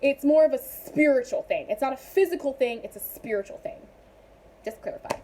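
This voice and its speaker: Woman, young adult, casual vlog talk, animated asides, higher pitch. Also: brisk, a little hiss or hum. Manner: chatty, animated, rambling with asides. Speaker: vlogger.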